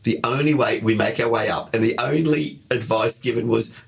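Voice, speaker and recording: Husky-voiced man telling a story. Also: mid-range voice, moderate pace. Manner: animated storyteller, self-interrupting and digressing. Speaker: podcast co-host. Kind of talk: casual podcast chat.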